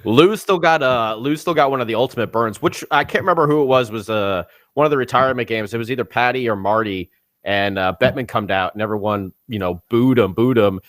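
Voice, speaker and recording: A man co-hosting a casual sports podcast, telling stories in a lively, nostalgic way. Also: medium pitch, fairly quick, no echo, studio quality. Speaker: podcast co-host. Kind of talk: casual chat.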